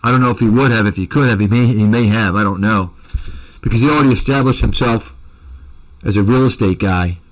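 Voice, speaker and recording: A man's voice: on the low side, a little fast, poor audio. A man hosting a commentary channel, delivering a combative, accusatory rant to his viewers that is full of repeated insults.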